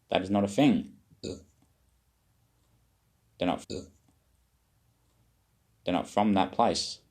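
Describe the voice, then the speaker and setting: Casting: man, very low voice, meandering vlog monologue, muses aloud. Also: darkish tone. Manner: meandering, self-questioning, occasional swearing. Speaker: vlogger. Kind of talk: rambling spiritual monologue.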